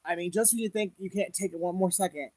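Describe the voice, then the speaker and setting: A man's voice: high voice, fast, no room sound, rough recording. A man hosting a casual livestream as a psychic reader, speaking candidly to viewers with frequent laughs and religious conviction.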